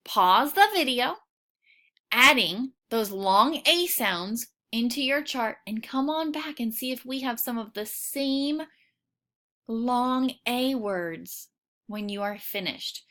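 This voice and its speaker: Bright, slow-talking woman teacher. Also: fairly high pitch, lively intonation. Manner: slow, clearly sounding out words; encouraging, patient. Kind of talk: recorded phonics lesson for kids.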